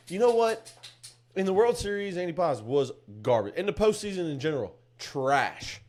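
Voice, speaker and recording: A man's voice: high voice, animated, normal speed, darkish tone. A man co-hosting a casual sports podcast, talking emphatically and swearing freely as he argues his point. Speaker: podcast co-host.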